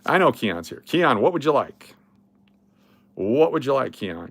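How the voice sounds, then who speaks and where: A man's voice: medium pitch, big pitch swings, a little slow, fairly bright tone, no room sound. A man hosting a casual livestream, blunt and sarcastic, swearing now and then. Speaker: livestream host.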